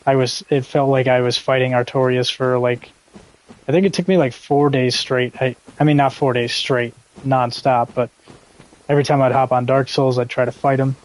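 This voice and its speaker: Young male streamer, laid-back and rambling, casual swearing, middle-pitched. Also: little pitch movement, moderate pace, low-quality recording. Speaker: gaming streamer. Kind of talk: casual live gameplay commentary.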